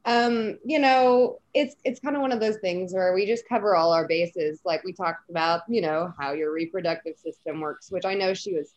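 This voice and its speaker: A woman's voice: on the low side, normal speed, hardly any pauses, lo-fi sound. A woman, a professional dog trainer, joining a casual podcast chat as the guest. She speaks frankly and laughs often.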